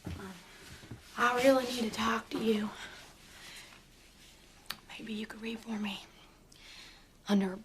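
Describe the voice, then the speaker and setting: An actress playing an anxious young wife who speaks in a hushed, hesitant way, in a film clip. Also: female voice, on the high side, fairly even intonation, a little slow, long pauses, close to an everyday voice. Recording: film clip with clicking noise.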